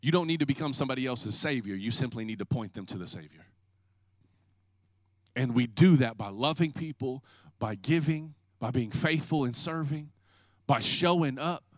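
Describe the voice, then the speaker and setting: A man pastor preaching an energetic, joking sermon, acting out people's excuses. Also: mid-range voice, normal speed, dry recording, studio quality.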